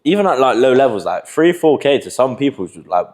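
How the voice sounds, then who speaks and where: A man's voice: mid-range voice, sing-song, brisk, darkish tone. A man, a guest on a casual podcast, talking in a laid-back, slangy way with some stumbling restarts. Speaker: guest, videographer. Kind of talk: casual chat.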